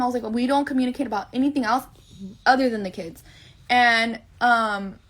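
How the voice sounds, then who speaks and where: A woman's voice: on the high side, steady tone, a little fast, fairly bright tone. Blunt, swearing young woman ranting. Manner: blunt, swears a lot, rambling. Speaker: livestreamer. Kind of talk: ranting story to viewers.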